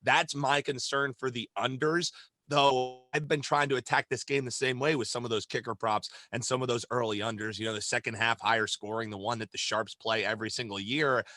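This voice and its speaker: A man's voice: mid-range voice, steady tone, brisk, bright, forceful tone, no echo. A man co-hosting a betting podcast in casual chat, laying out his concerns before passing the question to his co-host.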